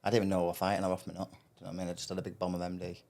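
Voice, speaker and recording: Deep-voiced man rambling. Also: monotone, very fast, a little mellow. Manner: rambling, laid-back storytelling, frequent 'you know what I mean'. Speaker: podcast co-host. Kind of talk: casual chat.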